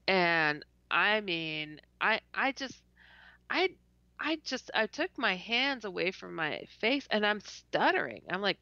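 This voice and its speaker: A podcast guest tells a story animatedly in a casual interview, her medium-pitched voice swinging widely in pitch at a slow pace, pushed and bright with no echo. She laughs often, stutters, and acts out her own reactions. The sound comes through dull, lo-fi call audio.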